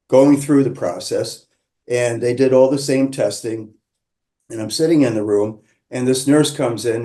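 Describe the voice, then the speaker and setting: Mellow-voiced man telling his story. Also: mid-range voice. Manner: measured, reflective, with pauses and restarts. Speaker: qigong practitioner sharing his story. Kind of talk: personal storytelling.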